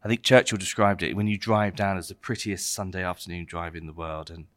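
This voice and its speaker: Lowish-voiced man explaining wines. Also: steady tone, fairly quick, fairly bright tone. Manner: informative, enthusiastic explaining. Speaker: wine expert presenting wines. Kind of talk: casual chat.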